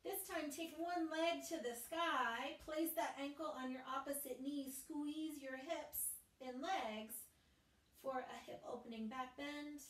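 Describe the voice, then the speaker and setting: High-voiced woman guiding family yoga. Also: takes it slowly. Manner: gentle, cueing breath and movement, playful with kids. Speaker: yoga teacher. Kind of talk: guided family yoga class. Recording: roomy echo, mic at a distance.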